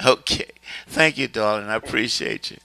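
A man hosting a call-in radio show who talks gently and reassures his callers. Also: on the low side, moderate pace, gravelly, crowd noise.

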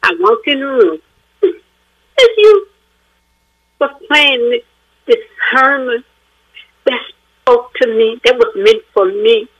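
A woman's voice: fairly high pitch, lively intonation, slow, long pauses, muffled recording. A woman calling in to a radio show, speaking in a heartfelt, effusive way and fighting back tears. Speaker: caller. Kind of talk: call-in radio talk.

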